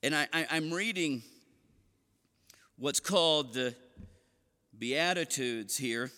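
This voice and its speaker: Bright-voiced man preaching in a hall. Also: fairly high pitch, takes it slowly. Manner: storytelling, animated quoted voices. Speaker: pastor. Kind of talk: seated sermon. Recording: long hall reverb.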